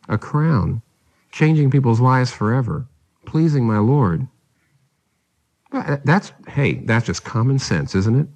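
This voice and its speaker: Brief: middle-aged man, pastor, emphatic sermon delivery, mid-pitched, keeps asking his listeners questions. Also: expressive, slow, pauses often, a little mellow. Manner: emphatic preaching full of rhetorical questions.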